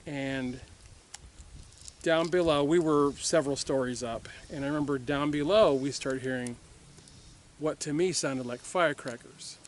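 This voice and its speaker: A man's voice: medium pitch, a little hiss or hum. A middle-aged man from Puerto Rico telling a personal story to camera in a rambling, reflective way, with many fillers and restarts. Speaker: firearms training company owner.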